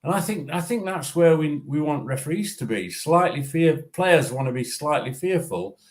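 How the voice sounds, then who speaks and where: An older man, a former referee assessor, talking through refereeing in a measured way, often repeating and restarting his words. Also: on the high side, expressive. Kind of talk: casual discussion.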